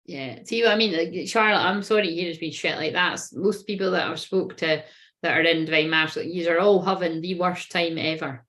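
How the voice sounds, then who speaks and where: A woman's voice: on the low side, a little fast, fairly bright tone. A woman running a casual live tarot reading. She talks in a rambling, sweary way and often breaks into giggles. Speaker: tarot reader.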